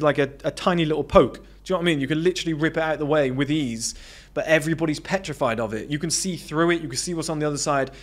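A British man delivers an off-the-cuff motivational monologue as a self-improvement coach. He is blunt and emphatic and swears freely. His voice sits a touch above the usual male range. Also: fairly high pitch.

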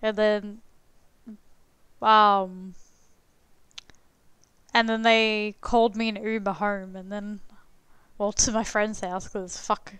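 A young woman streamer chats through a story while she plays a game, peppering every sentence with "like" and casual swearing. Her voice is very smooth and clean. The sound is close and dry, with no room around it. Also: medium pitch, little pitch movement, slow, long pauses, a bit bright, no room sound. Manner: chatty, heavy on "like" fillers, swears freely.

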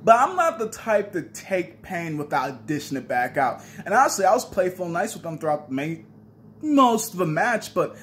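A man's voice: sits high, sing-song, normal speed, fairly bright tone, a little hiss or hum. A young man casually telling a story on a vlog, swearing freely and acting out his own trash talk. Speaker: vlogger.

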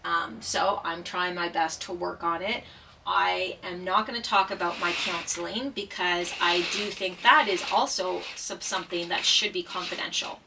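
A woman and former paramedic talking casually and earnestly while doing a jigsaw puzzle, halting with many fillers and holding back tears. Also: on the low side, fairly even intonation, gravelly, pushed and bright, distant mic, a little hiss or hum, rough recording.

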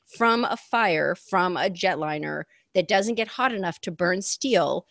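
A woman's voice: on the low side, a little slow, creaky, no echo, clean studio sound. A woman co-hosting a casual talk stream, telling stories and acting out other people's voices as she goes. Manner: animated, acts out voices of others mid-story. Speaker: talk show co-host. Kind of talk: casual conversation.

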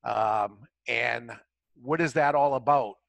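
Earnest cigar retailer, dry close sound. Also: male voice, mid-range voice, slow pace, vocal fry, a bit bright, dry recording. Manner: earnest, reflective, with frequent restarts. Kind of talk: conversational interview answers.

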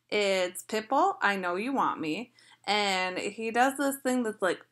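A woman's voice: mid-range voice, sing-song, slow, a bit bright. A woman vlogger in casual chat, gushing and chatty with lots of filler words.

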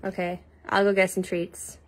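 A woman's voice: medium pitch, flat delivery, moderate pace, a little hiss or hum. A woman hosting a casual livestream from inside a cat shelter, chatty and upbeat as she reads out donations. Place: cat shelter room indoors. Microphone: phone.

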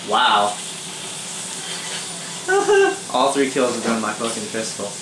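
A young man giving casual live commentary over his own multiplayer matches, swearing freely, quick to get angry and laughing at his own mishaps. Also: fairly low pitch, fairly even intonation, background noise. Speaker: gamer doing live commentary. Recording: roomy echo with faint ambience.

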